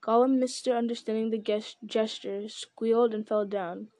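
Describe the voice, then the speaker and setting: A woman's voice: fairly high pitch, steady tone, moderate pace, mellow, no room sound. A woman reading a novel aloud in a plain way, with small stumbles. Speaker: reader.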